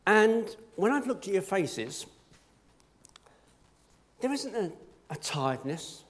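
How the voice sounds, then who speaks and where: Male preacher, conversational, self-deprecating, animated delivery. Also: sits high, slow pace. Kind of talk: sermon.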